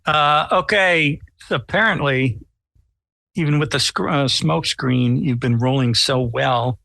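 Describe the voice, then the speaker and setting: Male player, unhurried delivery, bright edge, dry close sound. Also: medium pitch, vocal fry, no room sound. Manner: deliberate, slow, wry. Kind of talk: describing his character's actions in a tabletop game.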